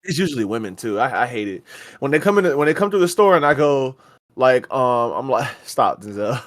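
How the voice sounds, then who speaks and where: A man's voice: medium pitch, animated, a little fast, fairly bright tone, no room sound. A young man co-hosting a casual podcast, laid-back and profane, often acting out what people said to him. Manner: laid-back, profane, acts out customers in quotes. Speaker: podcast co-host. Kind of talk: casual chat.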